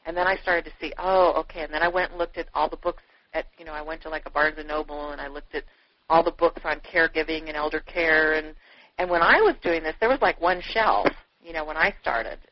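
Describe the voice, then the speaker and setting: A woman author, a guest being interviewed, telling stories in an animated, effusive way, full of "you know" fillers. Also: deep voice, brisk. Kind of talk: chatty interview storytelling. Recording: dull, dry lo-fi radio audio.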